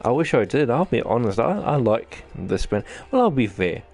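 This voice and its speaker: A man's voice: medium pitch, big pitch swings, moderate pace, a little mellow, faint music behind. A man with a New Zealand accent giving rambling, jokey let's-play commentary as host of his gaming channel. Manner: rambling, jokey, self-deprecating chatter.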